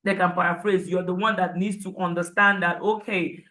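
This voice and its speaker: A woman's voice: on the low side, steady tone, moderate pace, sharp tone, low-quality recording. A woman teaching an IELTS prep class, repeating points emphatically and asking the students rhetorical questions. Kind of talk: live online class lecture.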